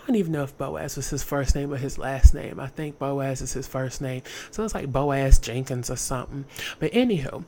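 Woman comic storyteller, low and mellow, slangy, faint noise behind. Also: normal speed. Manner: casual, slangy, animated, putting on voices.

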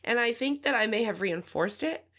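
A woman's voice: a little high, lively intonation, normal speed, a bit bright. A woman host and fellow mother, talking frankly and reflectively in a casual chat, laughing easily.

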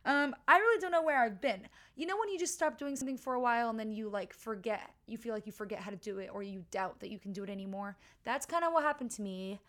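A woman's voice: medium pitch, expressive, fast, hardly any pauses. A woman hosting her own podcast, telling a rambling, self-deprecating story in a chatty, casual way into a home mic. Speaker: podcast host. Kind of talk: casual story-time monologue. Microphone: home podcast mic with wire.

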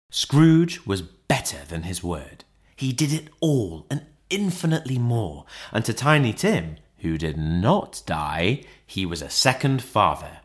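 A man narrating a classic audiobook in an expressive, theatrical way. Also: fairly low pitch, unhurried.

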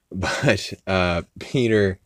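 A man's voice: sits low, drawn-out words, a bit bright, no echo. A man hosting a podcast, casually recapping an episode in a rambling, profane way with many fillers and restarts. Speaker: podcast host.

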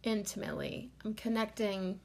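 A woman's voice: medium pitch, flat delivery, normal speed, a little mellow, slight background noise. A woman hosting her own podcast in a casual, rambling monologue, full of "like" fillers, tearful and trying not to cry. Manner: rambling, lots of "like" fillers, emotional. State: tearful, holding back crying. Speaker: podcast host.

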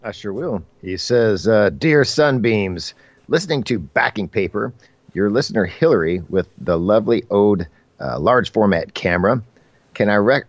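Low-voiced man on a dull, dry mic. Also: expressive, no echo. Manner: halting, laughing, self-deprecating. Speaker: podcast co-host. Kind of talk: casual podcast chat, reading listener emails.

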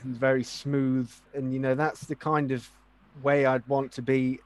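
A man telling stage stories in a hesitant, wry way, pausing to think and restarting. His voice sits mid-range for a man. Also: medium pitch, level tone, noisy background. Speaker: actor, regular host. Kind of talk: casual podcast interview.

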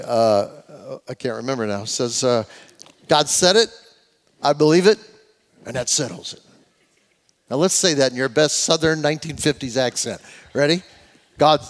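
Older male pastor, slightly high voice, sermon with call-and-response, long church reverb. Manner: leads congregation in call-and-response, swings from loud preaching to soft asides. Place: church sanctuary.

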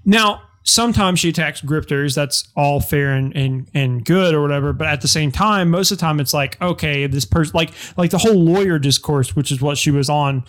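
Rambling man with a slightly high voice. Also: fairly quick, hardly any pauses. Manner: rambling, full of fillers and swearing. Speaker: podcast co-host. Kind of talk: casual political chat.

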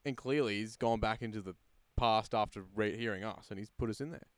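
Aussie guy on a podcast, kinda low smooth voice, stops and starts a lot. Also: brisk, no room sound. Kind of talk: casual podcast chat.

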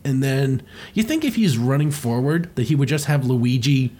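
A man's voice: medium pitch, expressive, moderate pace, dark tone. Rambling, profane man recapping a cartoon. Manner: rambling, profane, laughing often. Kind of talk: casual comedic recap.

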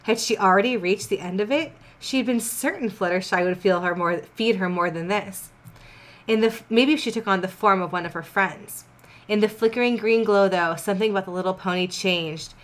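Host: woman reading fanfic for laughs, wry asides, mid-pitched voice. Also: brisk. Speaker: podcast host reading fan fiction. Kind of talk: comedic dramatic reading.

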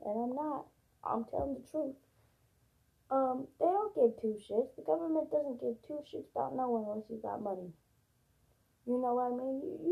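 Husky gravelly young woman ranting, lo-fi audio. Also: a little high. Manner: blunt, profane, emphatic repetition. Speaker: vlogger. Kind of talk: casual ranting monologue. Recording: lo-fi phone-like audio.

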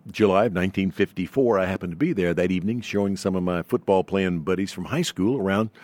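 An older man with a low, smooth broadcaster's voice and a trace of a Southern accent. He tells long anecdotes at an unhurried pace, with a seasoned announcer's polish. The sound is dry and close to the mic. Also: darkish tone, no echo. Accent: faint Southern US. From Southern United States. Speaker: guest, veteran broadcaster. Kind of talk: storytelling in an interview.

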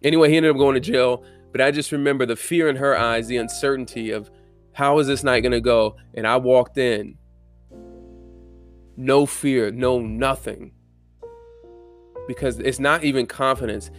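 A man's voice: mid-range voice, fairly even intonation, normal speed, long pauses, faint music behind. A young man giving a casual, blunt, profane motivational monologue with fervent conviction.

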